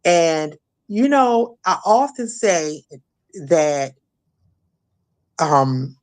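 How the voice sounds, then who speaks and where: Her voice is on the low side and sing-song. A middle-aged Maryland woman being interviewed, she recounts a painful personal story as emotional testimony, halting often with many restarts and fillers.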